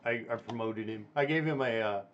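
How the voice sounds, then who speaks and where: Low-voiced man rambling on a stream. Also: lo-fi sound, a little hiss or hum. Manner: rambling, halting with many fillers. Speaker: stream host. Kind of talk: casual chat.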